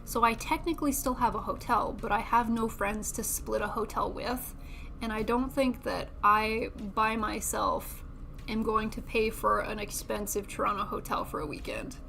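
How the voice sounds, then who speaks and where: Chatty young woman, slightly high voice. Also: steady tone, normal speed, creaky, fairly bright tone, a little hiss or hum. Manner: chatty and self-deprecating, laughs often. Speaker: streamer. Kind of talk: casual chat while building a model kit.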